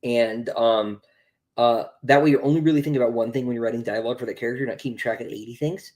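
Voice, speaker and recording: This young man, an author, talks fast in a darkish, mid-range voice with fairly even intonation. Chatting casually on a livestream, he reads out viewer questions and rambles through answers, with lots of ums and restarts.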